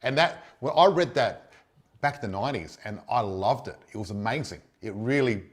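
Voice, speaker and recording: A man's voice: fairly low pitch, lively intonation, normal speed. A man hosting an interview, speaking with eager enthusiasm and plenty of praise for his guest. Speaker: interview host. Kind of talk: casual interview.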